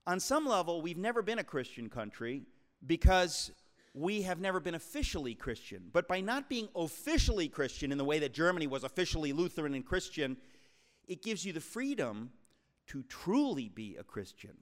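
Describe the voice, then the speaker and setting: An author in his sixties from the New York area gives an emphatic, preacherly talk to a live crowd, calling them folks. His voice sits a touch higher than most men's. The sound carries the long reverb of a large hall. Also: sing-song, normal speed. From New York tri-state area, USA. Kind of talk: speech to a live audience.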